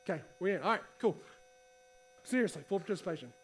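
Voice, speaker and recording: A man preaching a casual sermon to a congregation, reading scripture and talking in a conversational, animated way. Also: high voice, quick pace, breathy edge. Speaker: pastor. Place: church hall.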